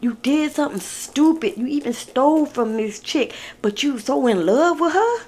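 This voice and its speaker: A woman's voice: sits high, animated, moderate pace, a little mellow. A woman giving a casual tarot reading, talking bluntly and with exasperation, swearing as she addresses the viewer directly. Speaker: tarot card reader.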